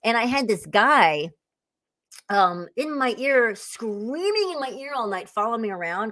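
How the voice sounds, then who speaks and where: A woman's voice: on the high side, expressive, moderate pace, fairly bright tone, no room sound. A woman in her forties chatting as a guest, telling rambling, laughing stories with lots of fillers. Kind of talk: casual chat, storytelling.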